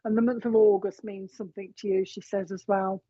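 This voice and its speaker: A woman's voice: medium pitch, flat delivery, a little fast, warm tone, no echo. A woman giving a live psychic reading, chatting along as she relays messages from spirit. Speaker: psychic medium. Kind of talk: live reading on a streamed show. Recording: dull, lo-fi stream audio.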